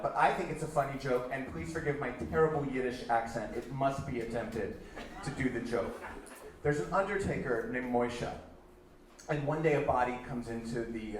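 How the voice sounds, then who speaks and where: A man's voice: mid-range voice, a little hiss or hum. A man doing a chatty, self-deprecating stand-up comedy set on stage in a comedy club. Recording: echoey club from far off with crowd.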